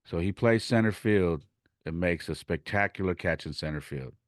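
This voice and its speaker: A man's voice: low-pitched, normal speed, no room sound, studio quality. A man hosting his podcast, animatedly telling a story from coaching youth baseball and retelling conversations in his own words.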